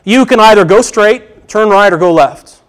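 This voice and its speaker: Pastor, male, high voice, earnest sermon delivery that poses questions and answers them. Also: normal speed, clear, resonant tone. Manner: earnest, repeats key phrases, asks and answers questions.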